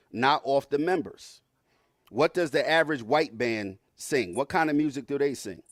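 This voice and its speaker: A man's voice: mid-range voice, no room sound, clean studio sound. A man on an online panel making a lecturing argument built on an extended analogy.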